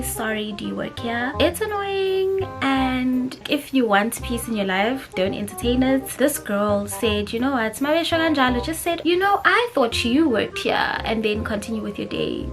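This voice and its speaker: A young South African woman with a South African accent, chatting casually to camera and slipping between English and isiZulu mid-sentence. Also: medium pitch. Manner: animated, expressive, switching languages mid-sentence. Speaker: vlogger. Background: background music.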